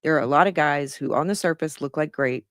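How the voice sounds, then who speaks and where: A woman's voice: low voice, brisk, dry recording, studio quality. A middle-aged woman giving casual commentary on a news article she reads aloud, blunt and sarcastic and swearing freely.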